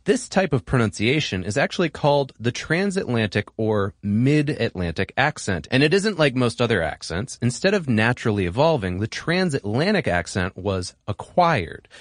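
A man hosts an explainer podcast, talking straight into a close studio mic. His delivery is playful and animated, and the pitch rises and falls a lot. The sound is dry with no room echo. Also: normal speed. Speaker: podcast host. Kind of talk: scripted narration.

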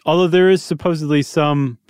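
A man's voice: on the high side, fairly even intonation, fairly quick, darkish tone, smooth, no echo. Casual podcast co-host, man, joking storyteller, dry close studio sound. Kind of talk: casual chat.

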